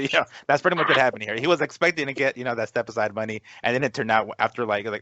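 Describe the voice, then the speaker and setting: Brief: male co-host, rambling quick chat, forceful tone; dull, dry call line. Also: mid-range voice, dry recording. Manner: rambling, many fillers and restarts. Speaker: podcast co-host. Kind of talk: casual sports podcast chat.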